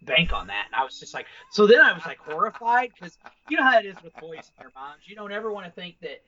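A man with a high, bright voice tells rambling, profane family stories in casual podcast chat. The audio is slightly dull and lo-fi. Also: very animated, fast talker. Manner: profane, rambling anecdotal storyteller. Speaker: podcast co-host.

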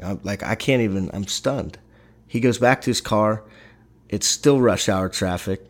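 A middle-aged man tells a personal story in a casual, animated way, with lots of halting restarts. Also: deep voice.

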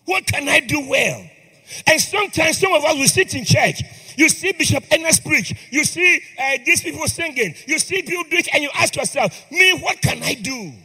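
A man's voice: very high voice, expressive, normal speed, pushed and bright. A man preaching a sermon in a church, impassioned and calling on the congregation to respond. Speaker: priest. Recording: long hall reverb with faint music.

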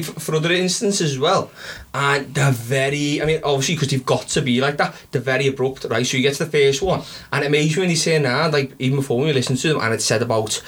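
A man's voice: medium pitch, fast, fairly bright tone. A man co-hosting a casual chat, telling a story with a chatty, joking manner. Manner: chatty, storytelling, laughs often. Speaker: podcast co-host.

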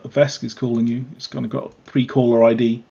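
A man narrating a tabletop game as game master, calm and descriptive. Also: mid-range voice, brisk, gravelly, muffled recording, a little hiss or hum.

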